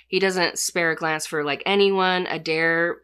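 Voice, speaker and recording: A woman's voice: fairly low pitch, fairly even intonation, a little slow, fairly bright tone, clear, resonant tone. A woman podcast host casually retelling a story's plot, filling her speech with "like". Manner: chatty, heavy use of "like" fillers.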